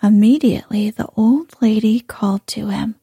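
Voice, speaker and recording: A woman narrating a storybook in a soft, measured whispered role-play. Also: mid-range voice, breathy edge, no room sound, clean studio sound.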